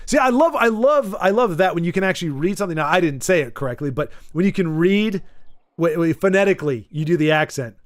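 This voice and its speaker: Male streamer from Michigan, slightly high voice, loose rambling chat full of restarts, bone-dry close sound. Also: lively intonation, fast, no echo. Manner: rambling, stumbles and repeats words. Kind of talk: casual gameplay chat, reading viewer messages.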